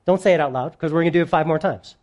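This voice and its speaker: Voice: mid-range voice, very fast, a little mellow, muffled recording. Conversational, joking preacher. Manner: conversational, humorous, asks the congregation questions. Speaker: pastor. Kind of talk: sermon.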